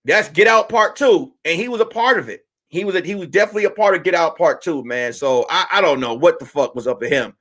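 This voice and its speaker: High-voiced, animated male comedian. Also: quick pace, few pauses. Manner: animated, profane, rambling restarts. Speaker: comedian host. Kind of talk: live-stream comedy rant.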